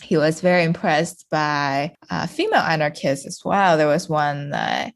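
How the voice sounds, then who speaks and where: A woman's voice: low voice, very animated, moderate pace, vocal fry. A woman from China chatting as a podcast guest, talking casually with lots of fillers and frequent laughter.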